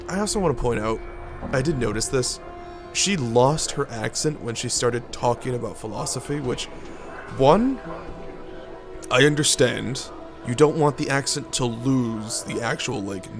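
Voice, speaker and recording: A man streaming a game, talking casually and thinking aloud, with some swearing. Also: mid-range voice. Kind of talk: casual gameplay commentary. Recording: game music behind.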